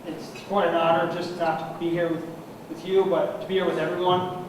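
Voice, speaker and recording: A young man giving an award acceptance speech, heartfelt and halting, clearly emotional. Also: a little high, flat delivery. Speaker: award recipient. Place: large banquet room at an annual meeting. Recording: echoey hall from far off, noisy.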